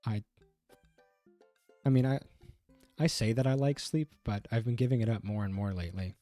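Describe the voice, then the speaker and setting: A man's voice: mid-range voice, moderate pace, dark tone, faint music behind. A man streaming a game, chatting casually and joking, often stumbling and correcting himself. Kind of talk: casual let's-play commentary.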